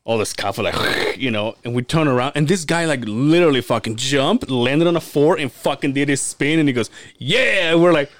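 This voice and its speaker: A man co-hosting a podcast, telling stories in an animated, profane way and laughing often. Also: mid-range voice, brisk, few pauses, no room sound, studio quality. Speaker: podcast co-host. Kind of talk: casual storytelling chat.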